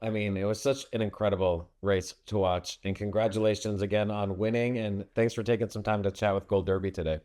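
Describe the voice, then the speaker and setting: A man's voice: on the low side, steady tone, a little fast, few pauses, darkish tone. A man hosting entertainment interviews, asking questions in a friendly, congratulatory way.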